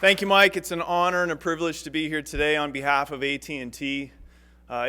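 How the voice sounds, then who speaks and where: A man's voice: a little high, bright, forceful tone, smooth. A man giving an upbeat, emphatic speech at a press event as a company executive. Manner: upbeat, emphatic, repeats for stress. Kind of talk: public speech at a podium.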